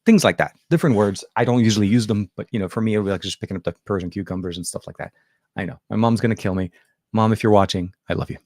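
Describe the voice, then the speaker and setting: A man's voice: lowish voice, fairly even intonation, rapid-fire, darkish tone, no echo, studio quality. A man from Lebanon whose first language is Arabic, with an American accent and a faint Arabic trace, hosting a casual tech show chat full of fillers and restarts. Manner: rambling, filler-heavy, self-correcting.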